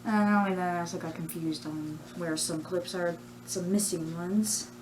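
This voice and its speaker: A woman's voice: on the low side, steady tone, normal speed, noisy background. A woman chatting casually in a vlog about her plush characters, giggly and rambling. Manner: giggly, rambling, self-pleased. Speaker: plush video creator.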